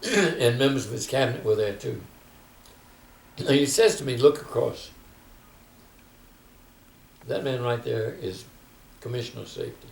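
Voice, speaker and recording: A man's voice: mid-range voice, expressive, moderate pace, creaky, long pauses, far from the mic. An older man telling stories in a reflective oral history interview, often quoting others. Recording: echoey room, faint background noise.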